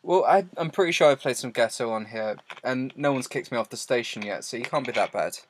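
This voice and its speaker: A man's voice: medium pitch, animated, a little fast, a little hiss or hum. A man hosting a small indie radio show, chatting with his guest in a teasing, playful way. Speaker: radio host. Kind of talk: casual radio interview chat.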